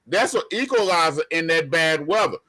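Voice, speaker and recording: A man's voice: fairly high pitch, animated, normal speed, sharp tone. A man arguing football on a sports talk panel, emphatic and colloquial, often repeating himself. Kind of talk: heated sports debate.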